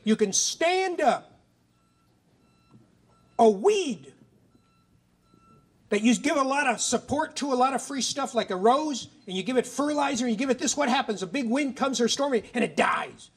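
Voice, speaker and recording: Middle-aged male author, very high voice, animated and punchy, addressing students. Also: normal speed, pauses often, husky. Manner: animated, emphatic, acts out dialogue. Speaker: author speaking at a school. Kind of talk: motivational storytelling talk. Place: middle school assembly.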